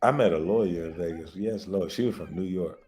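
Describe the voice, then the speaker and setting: A show host with a deep voice talks a little fast over faint background music, spinning wild stories in a casual chat. He's loud, laughs often, and swears freely.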